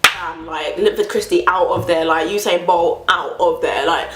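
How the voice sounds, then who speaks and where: A woman vlogger telling a casual story, dramatic and animated, acting out quoted voices. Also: lowish voice, normal speed, roomy sound.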